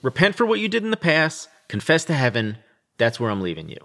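A man co-hosts a laid-back podcast, walking through a play scene by scene and breaking into lines of verse now and then. His voice sits at an ordinary pitch but moves around a lot. He sounds lively and expressive. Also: brisk. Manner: explains scenes and reads verse aloud in between. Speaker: podcast co-host. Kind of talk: casual literary discussion.

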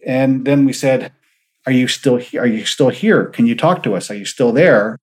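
A man's voice: medium pitch, lively intonation, normal speed, darkish tone, rough recording. A man, a paranormal investigator, earnestly recounting his investigations in an interview and acting out the dialogue he quotes.

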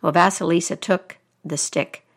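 A woman telling a folktale aloud in a deliberate, expressive way. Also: fairly low pitch. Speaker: storyteller.

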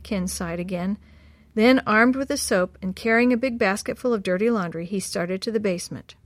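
A woman narrating a children's story in a calm, measured way. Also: mid-range voice, dry recording.

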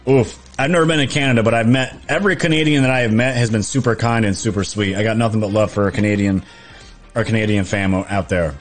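A man's voice: fairly low pitch, fairly even intonation, fast, soft background music. A man, chatting casually on a live stream, reading viewer comments, laughing often and restarting his sentences. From New York.

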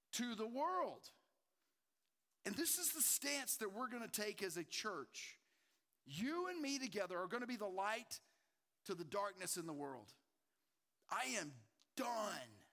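A male pastor preaching a sermon with passion, swinging from loud urgency to hushed emphasis. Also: sits high, big-room sound.

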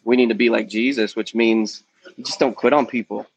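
Candid forties male guest, ministry testimony, plain mid-pitched voice, dry and close. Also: steady tone, brisk, slightly rough, no echo, low-quality recording. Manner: earnest, candid, peppered with "um" and "man". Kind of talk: personal testimony in a podcast interview.

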